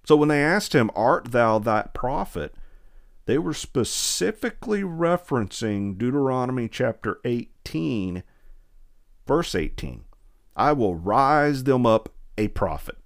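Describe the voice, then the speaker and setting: A man delivers a verse-by-verse sermon in a mid-pitched voice. He reads scripture in a slow, old-fashioned cadence. Then he explains it in everyday speech, full of rhetorical questions. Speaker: preacher.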